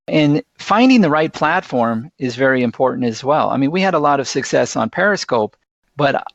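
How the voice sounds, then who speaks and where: Gravelly man, middle pitch, earnest interview guest, dull lo-fi dry sound. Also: no echo. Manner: earnest, anecdotal, enthusiastic. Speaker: guest, live streaming expert. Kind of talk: conversational interview storytelling.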